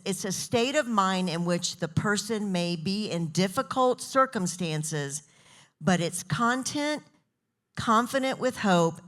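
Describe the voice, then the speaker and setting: A middle-aged woman preaching in a relaxed, storytelling way, her pitch leaping up and down as she mimics the people in her stories. She moves between lively anecdotes and slow, emphatic teaching. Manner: animated, acts out quoted voices with big pitch jumps. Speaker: pastor's wife leading a women's talk. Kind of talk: casual sermon storytelling.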